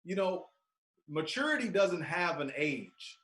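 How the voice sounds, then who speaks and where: A man co-hosting a casual sports podcast, speaking in a laid-back, calm and measured way. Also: high voice. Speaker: podcast co-host. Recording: roomy echo.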